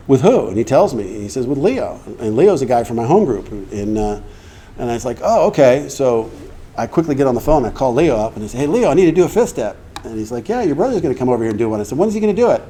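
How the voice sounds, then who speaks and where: A middle-aged man with a mellow, medium-pitched voice tells his personal recovery story to a meeting. He's conversational, acts out the dialogue he quotes, and clears his throat often.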